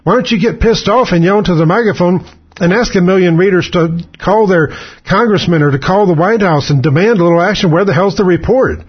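Fired-up radio guy cussing and ranting, kinda raspy, slightly high voice, dull lo-fi audio. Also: a little fast. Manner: angry, profane, sarcastic ranting. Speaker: talk radio host. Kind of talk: political rant monologue.

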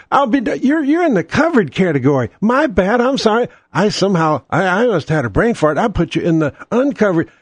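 A man mimicking a smarmy, fake-apologetic male insurance agent in a high, mock-sweet voice. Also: sing-song, normal speed, no room sound.

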